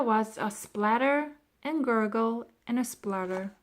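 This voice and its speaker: Storybook narrator, woman, slow, unhurried, expressive read with soft whispers. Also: on the high side. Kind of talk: scripted narration.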